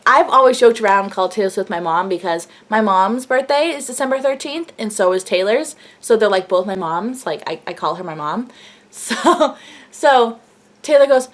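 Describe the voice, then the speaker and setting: A young woman vlogger telling an excited story in a gushing, breathless way, full of fillers. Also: on the high side, normal speed.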